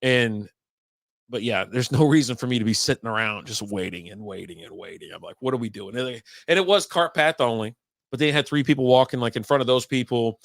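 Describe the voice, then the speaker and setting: A man's voice: medium pitch, brisk, creaky, no room sound, studio quality. A man co-hosting a casual podcast, telling loose stories full of swearing and acting out other people's lines. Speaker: podcast co-host. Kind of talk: casual chat.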